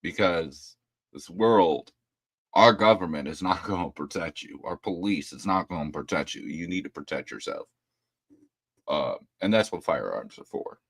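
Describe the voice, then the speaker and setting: A man hosts a casual livestream from home, ranting bluntly and cursing freely. His voice sits low but leaps up and down with a lot of swing. The sound is dry and close, with no room echo. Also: lively intonation, moderate pace, fairly bright tone, breathy edge. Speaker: livestream host.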